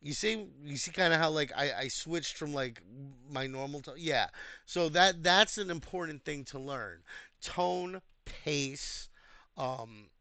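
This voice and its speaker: Earnest rambling American man, bright voice. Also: a little high, measured pace, no room sound. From United States. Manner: rambling, many restarts and fillers; earnest, explanatory. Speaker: community host reviewing threads. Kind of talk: casual advice chat.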